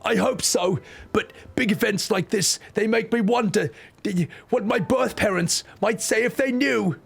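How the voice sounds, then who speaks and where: A man voicing a brash, eager young female warrior princess over a game cutscene, reading her lines in a husky voice with crude ad-libs. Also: sits high, unhurried, fairly bright tone, soft background music, pitched above the performer's own voice, full character voice. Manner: reads game lines with crude ad-libbed insults.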